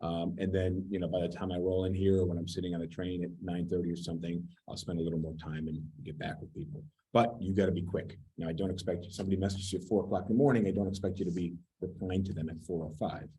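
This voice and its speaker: A man's voice: low-pitched, little pitch movement, fast talker, few pauses, warm tone, slight background noise, low-quality recording. A man giving a casual real estate training talk, blunt and sometimes swearing as he picks apart advice. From United States.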